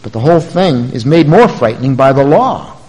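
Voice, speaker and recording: A man preaching a sermon, moving between quiet, low asides and loud, emphatic passages. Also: big pitch swings, a little fast, in a large hall, low-quality recording.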